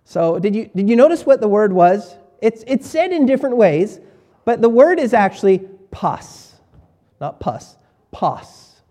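A man preaching a sermon as pastor, emphatic, repeating key words and swinging between quiet and loud. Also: high voice, sing-song, moderate pace.

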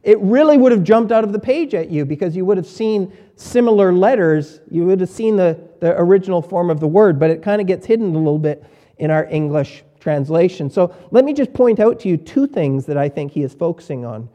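A man preaching a sermon as pastor, emphatic, repeating key words and swinging between quiet and loud. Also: high voice, lively intonation, a little fast, muffled recording.

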